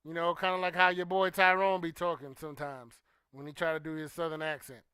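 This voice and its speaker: A man hosts a casual chat show, talking loosely and trailing off into soft "you know"s between points. His voice is bright, crisp and a little higher than usual for a man. The sound is dry and close. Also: fairly quick, no echo. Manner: relaxed and conversational, with frequent "you know" and "um", trailing off quietly. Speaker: host of a livestream talk show. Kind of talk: casual chat, reading and answering viewer comments.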